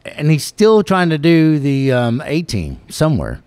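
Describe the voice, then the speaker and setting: Lively rambling host. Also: male voice, on the high side, a little slow, smooth, dry recording. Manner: rambling, laughs often, drawling storyteller. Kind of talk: casual radio-style show chat.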